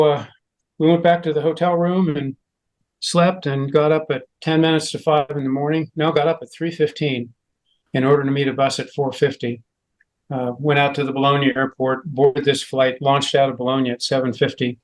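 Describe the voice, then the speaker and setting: Male club presenter, mid-pitched, eager, chatty slide talk with fillers. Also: low-quality recording. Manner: enthusiastic storyteller with frequent "uh" fillers.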